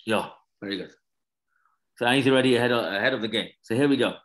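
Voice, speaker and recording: Man teaching a lively study class. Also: mid-range voice, fast talker, poor audio. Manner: animated storyteller, explains terms as he goes. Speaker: Torah teacher.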